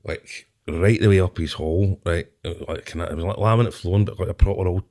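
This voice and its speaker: Rambling Scottish man with a low voice. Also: fairly quick, mellow. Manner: swearing, laughing, rambling with many asides. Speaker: guest comedian. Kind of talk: casual storytelling.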